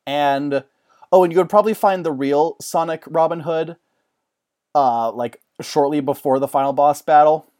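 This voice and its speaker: A man in casual chat, excitable and rambling, often laughing. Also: fairly high pitch, moderate pace.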